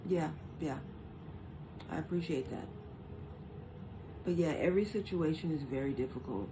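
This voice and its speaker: A woman's voice: low-pitched, normal speed, background noise. Chatty woman hosting a live stream. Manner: reassuring, chatty, reads stats aloud.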